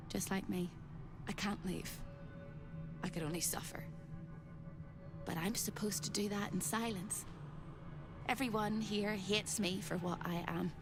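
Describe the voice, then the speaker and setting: A woman's voice: medium pitch, natural voice. An actress voicing a fragile, haunted spirit woman held captive, whispery and pleading, in a video game. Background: game music.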